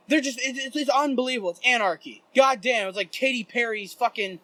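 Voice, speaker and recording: A young man hosting a podcast, telling a wild story in a casual, profane, animated way and shouting out the quotes. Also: very high voice, a little fast, few pauses, dry recording. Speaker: podcast co-host. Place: indoors, rain outside.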